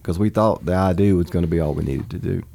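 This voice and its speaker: A man's voice: low voice, quick pace, gravelly. A man talking casually as a pastor, laughing often and easily moved. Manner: warm, laughs often, gets choked up. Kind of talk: casual chat.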